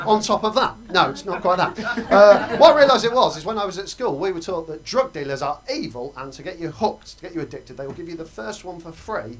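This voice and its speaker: A young man doing a stand-up comedy set on a club stage, quick and self-mocking, breaking into loud put-on voices. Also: sits high, animated. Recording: live room with audience laughter. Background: audience laughing.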